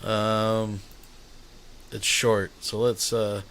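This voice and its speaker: A man's voice: on the low side, level tone, very slow, a bit bright, slight background noise. A man hosting a stream, commenting casually with rambling, profane remarks to his viewers. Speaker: streamer host.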